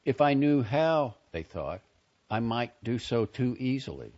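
A man reading a story aloud for a reading service for the blind, expressive and lively. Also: mid-range voice, measured pace. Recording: dull lo-fi recording.

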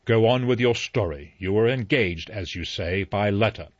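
A dry, authoritative elderly judge, measured and precise, as a male narrator voices him in a low register. The delivery is cool and deliberate, and the recording is dry and slightly muffled. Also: no echo, close to an everyday voice.

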